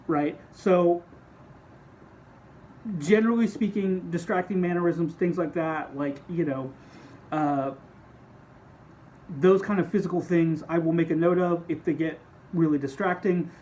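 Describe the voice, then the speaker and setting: A man's voice: fairly high pitch, steady tone, darkish tone, a little hiss or hum, rough recording. Conversational male speech instructor. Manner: casual, conversational, explains with quick demonstrations. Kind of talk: recorded lecture.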